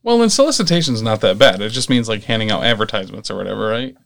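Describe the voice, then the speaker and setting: A man co-hosting a podcast in casual chat, deadpan and joking. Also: on the low side, quick pace, vocal fry. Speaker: podcast co-host.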